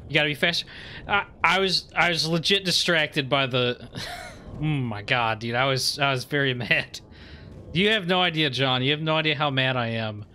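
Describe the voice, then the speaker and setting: A young man streaming a video game with casual commentary. He swears freely and rants with growing excitement. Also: mid-range voice, moderate pace, slight background noise. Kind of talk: casual let's-play commentary.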